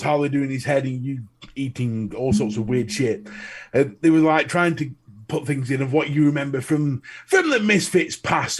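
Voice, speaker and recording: Northern English male co-host, raised pitch, husky, animated swearing storyteller. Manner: animated, swears, acts out quotes. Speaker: podcast co-host. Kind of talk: casual chat.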